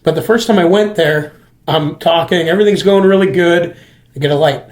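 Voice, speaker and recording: A man's voice: a little high, brisk, reverberant. A man hosting a casual chat about comedy, rambling and often restarting his sentences. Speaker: comedian and podcast host.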